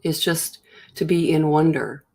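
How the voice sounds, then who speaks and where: A host giving a slow, searching reflective monologue, pausing often and acting out inner thoughts as quoted asides. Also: mid-range voice, fairly even intonation. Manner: slow, searching delivery with long pauses and soft trailing phrases. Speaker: host of a self-inquiry show.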